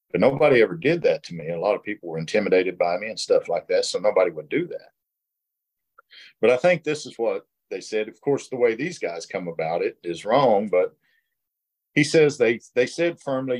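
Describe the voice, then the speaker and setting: A man's voice: lowish voice, expressive, fairly quick. Plainspoken middle-aged man leading a study. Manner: earnest, plainspoken, with short laughs. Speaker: workshop leader. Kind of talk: reading aloud and sharing recovery experience.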